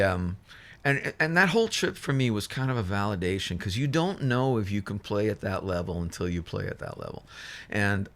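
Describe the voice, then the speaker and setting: A man's voice: on the low side, a bit bright. A man, a musician guest, telling a long story in casual chat, rambling with restarts and fillers and acting out other people's lines. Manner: acts out other people's lines in shifted voices.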